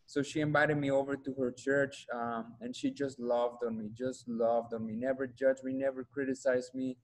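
This is a personal testimony from a male guest speaker with a Mexican Spanish accent and a flat, medium-pitched voice, captured in a rough recording. Sincere and halting, he repeats phrases while reaching for what to say.

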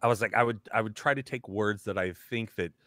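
A man's voice: fairly low pitch, a little fast, fairly bright tone, no room sound. A man who works as a voice actor, talking casually as a podcast guest, rambling with lots of fillers and breaking into character voices.

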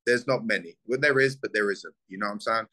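Blunt South London fighter, bright voice. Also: male voice, on the low side, fast, poor audio. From South East London. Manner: blunt, swears freely, heated. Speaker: bare-knuckle fighter. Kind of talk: casual interview.

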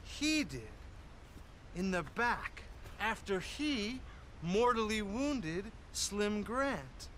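An actor playing an eager, excitable male writer of westerns in a video game. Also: high-pitched, drawn-out words, slight background noise, full character voice. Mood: relieved.

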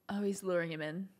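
A woman hosting a movie reaction, talking casually and laughing often. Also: on the low side. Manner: giggly, with frequent laughter. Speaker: host.

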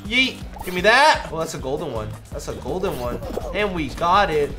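A young man giving excitable live gameplay commentary, trash-talking and yelling in bursts. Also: fairly high pitch, normal speed. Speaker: gaming YouTuber. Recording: music playing behind.

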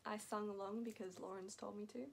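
A young Australian woman rambling excitedly in a casual reaction vlog, laughing often between thoughts. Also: mid-range voice, brisk, creaky, background noise. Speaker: vlogger.

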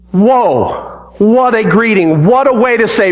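A man's voice: high-pitched, lively intonation, takes it slowly, hardly any pauses. A man preaching a sermon, telling the story dramatically and leading the congregation in call-and-response.

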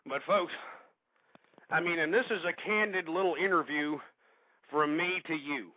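An older man hosting call-in talk radio, ranting in angry shouts and panting heavily between tirades. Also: on the high side, moderate pace, muffled recording. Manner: angry shouting tirades, then heavy-breathing grumbling. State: out of breath. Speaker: radio talk show host.

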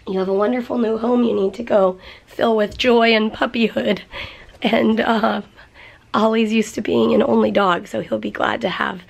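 A woman vlogging casually at home, emotional and soft-spoken, near tears. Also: fairly high pitch, creaky, slightly rough. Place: at home indoors.

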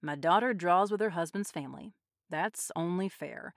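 Woman doing a quiet, resigned village husband. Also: on the low side, moderate pace, vocal fry, no echo, clean studio sound.

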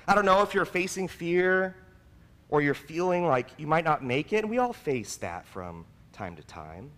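A man's voice: on the high side, sing-song, moderate pace, fairly bright tone, big-room sound. A man preaching a sermon as pastor, speaking in an earnest, personal, confessional way. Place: church sanctuary.

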